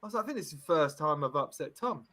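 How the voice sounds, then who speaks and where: A man's voice: fairly high pitch, racing, a crowd in the background. A man hosting a casual football comedy podcast, teasing his co-hosts and telling stories with lots of laughter. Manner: laughing, teasing, animated storytelling. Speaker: podcast host.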